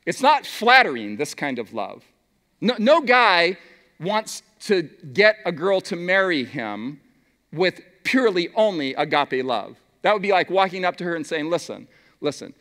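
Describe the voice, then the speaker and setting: A middle-aged man preaching a sermon in a large meeting hall, throwing rhetorical questions at the crowd and dropping to a hush for emphasis. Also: sits high, measured pace. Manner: animated, rhetorical questions to the audience; drops to a soft hush for emphasis.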